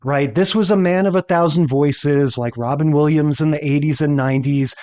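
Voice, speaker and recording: A man co-hosting a podcast in casual chat, rambling and often checking in with a quick "right?". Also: fairly high pitch, a little mellow, clear, resonant tone. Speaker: podcast co-host.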